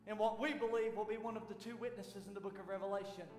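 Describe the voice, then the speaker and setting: A man preaching a sermon as lead pastor, dramatic, swinging from shouts down to near whispers. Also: sits high, fairly even intonation, fast. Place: church sanctuary. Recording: echoey church hall with faint piano.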